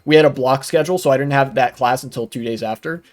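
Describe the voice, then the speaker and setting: A man's voice: mid-range voice, quick pace, darkish tone. A young man streaming live, telling a rambling, profane story with many fillers while he plays. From United States.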